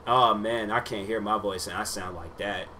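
A man's voice: fairly low pitch, steady tone, normal speed, bright, forceful tone, slight background noise. A young man in his twenties, a YouTuber chatting loosely and rambling through reactions to his own old videos, full of slang and fillers. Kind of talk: casual rambling commentary.

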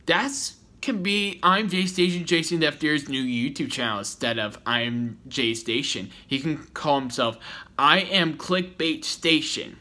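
A man's voice: on the high side, a little slow, pushed and bright. A man giving a rambling, repetitive, confrontational rant to the camera in a vlog. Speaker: YouTuber. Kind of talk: ranting vlog commentary.

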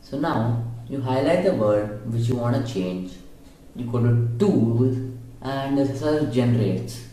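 Guy doing a patient helpful friend, mellow voice, super echoey, far away. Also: mid-range voice, animated, measured pace, slight background noise, lightly acted. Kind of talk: amateur comedy skit.

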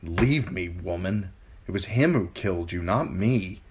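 A man's voice: low voice, animated, measured pace, darkish tone, breathy edge, heavily acted. A man voicing a haunted, guilt-ridden young prince who cries out in panicked sobs. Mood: bitter.

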